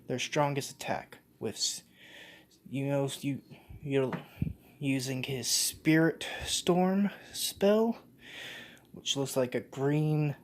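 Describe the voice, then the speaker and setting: A man casually retelling a fan-made story off the cuff, full of restarts and self-corrections. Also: mid-range voice. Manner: casual, slangy.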